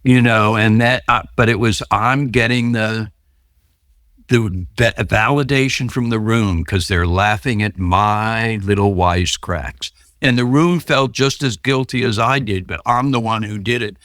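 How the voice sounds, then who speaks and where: A man's voice: on the low side, a little slow, a bit bright, no room sound, clean studio sound. A man being interviewed about his recovery, telling stories and acting out the voices of the people in them. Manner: storytelling, acts out quoted voices. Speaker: podcast guest.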